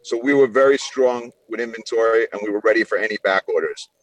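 Brisk man talking business. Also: fairly low pitch, no echo, low-quality recording. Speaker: guest. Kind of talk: casual interview chat.

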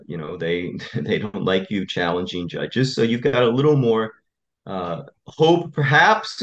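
A man, an attorney, speaking as a guest in a podcast interview and telling stories in an impassioned, animated way. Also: lowish voice, dull audio.

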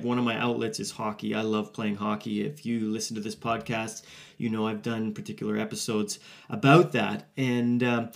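A man in his forties hosting a podcast, telling a personal story in an earnest, conversational way with frequent fillers and restarts. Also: mid-range voice. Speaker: podcast host. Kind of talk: casual solo podcast monologue.

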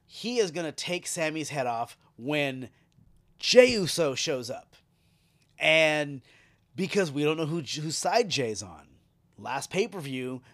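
A male podcast host recaps a wrestling event in a loose, casual way. He swears freely, gets animated and laughs as he goes. His voice sits a little high and his delivery is slow and drawn out. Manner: animated, profane, laughs while retelling.

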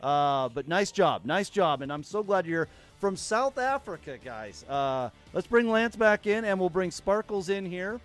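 A man with a notably high voice hosts a casual livestream podcast. He talks in a loose, rambling way, restarting sentences as he goes, with faint music under him. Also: big pitch swings, measured pace, hardly any pauses. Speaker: podcast host.

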